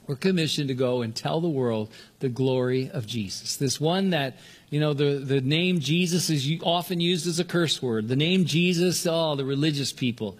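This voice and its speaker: An older man preaching from the pulpit, his voice sitting a little high for a man. He talks earnestly and often stumbles into restarts. He pushes his pitch up further whenever he stresses a point. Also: moderate pace. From Southern California. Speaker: pastor. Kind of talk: sermon.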